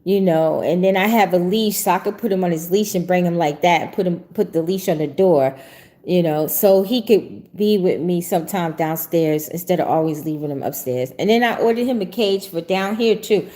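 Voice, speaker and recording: A woman's voice: lowish voice, normal speed, dark tone. A middle-aged woman hosting a prophetic talk show, chatting casually and laughing often. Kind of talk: casual livestream chat.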